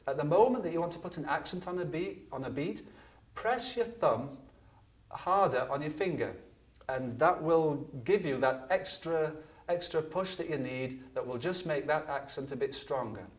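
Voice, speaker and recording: Man teaching ukulele, heard from a distance. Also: fairly high pitch. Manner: patient, counts beats aloud while strumming, repeats words. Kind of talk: instructional video lesson. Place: studio.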